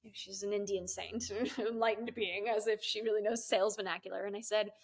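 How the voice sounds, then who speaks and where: A woman's voice: medium pitch, fairly even intonation, brisk, few pauses. A middle-aged woman, a guest on an interview show, telling her story in a casual, giggly way with many fillers and laughs. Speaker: guest, business coach and CEO.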